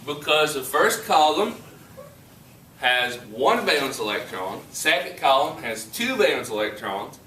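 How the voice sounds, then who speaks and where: A man teaching a high school chemistry class, joking and teasing his students as he explains. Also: sing-song, a little slow, bright, forceful tone, slight background noise. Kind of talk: classroom lecture. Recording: echoey classroom from a distance.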